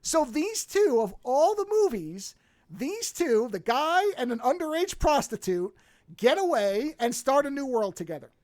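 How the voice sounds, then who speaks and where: A man's voice: extremely high pitch, sing-song, measured pace, a little mellow, dry recording, studio quality. A man on a casual podcast, telling a movie story with lots of energy. He jumps into the characters' lines and swears freely as he goes. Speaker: podcast host. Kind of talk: casual chat.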